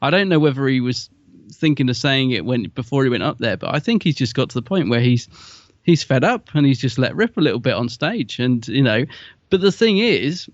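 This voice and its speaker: A man co-hosting a podcast, musing aloud in an animated, chatty way. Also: medium pitch, fairly quick, no echo, dull audio. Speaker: podcast co-host. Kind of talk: casual podcast chat.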